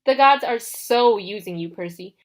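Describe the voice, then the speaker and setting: A woman reading an audiobook, voicing a smooth, mocking young male villain who taunts the heroes. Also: a little high, expressive, normal speed, close to an everyday voice. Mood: taunting.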